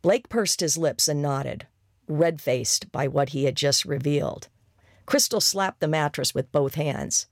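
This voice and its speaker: Audiobook narrator, gravelly, wry, dry close mic. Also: mid-range voice, unhurried, no echo. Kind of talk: scripted narration.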